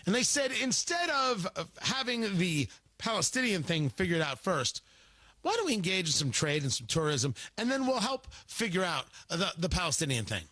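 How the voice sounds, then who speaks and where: A male radio talk show host giving political commentary, animated and sarcastic, acting out mocking voices. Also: high-pitched, moderate pace, no room sound.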